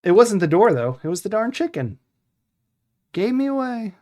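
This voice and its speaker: A man's voice: high voice, moderate pace. A young adult man casually commenting on a retro adventure game as he plays, dryly muttering to himself and reading the game's text aloud. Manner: wry, deadpan self-talk with mock-dramatic readings.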